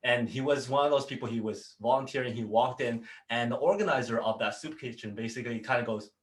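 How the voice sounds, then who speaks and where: A man's voice: medium pitch, quick pace. Earnest man giving a motivational talk. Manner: earnest, repetitive phrasing with frequent fillers. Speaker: business coach and show host.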